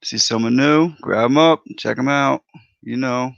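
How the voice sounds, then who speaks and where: A man's voice: mid-range voice, measured pace, gravelly, a bit bright, no room sound. A man hosting a casual livestream chat, laid-back and talkative, greeting viewers by name. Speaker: livestream host. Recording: dry, dull lo-fi audio.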